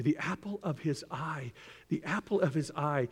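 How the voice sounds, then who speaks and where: Brief: older male pastor, high bright lively voice, dramatic sermon delivery, heard with long reverb in a large hall. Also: normal speed, slightly rough. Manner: animated, dramatic, acts out voices, drops to near whispers.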